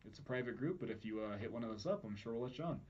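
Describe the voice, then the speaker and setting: A man's voice: mid-range voice, expressive, racing, darkish tone, husky. A man hosting a podcast, chatting casually with crude jokes, in muffled lo-fi audio. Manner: crude, joking banter. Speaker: podcast host.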